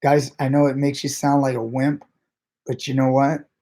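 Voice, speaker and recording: Blunt, laughing grappling coach. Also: male voice, medium pitch, level tone, normal speed, mellow. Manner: blunt, swears casually, laughs often. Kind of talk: casual chat answering viewer messages.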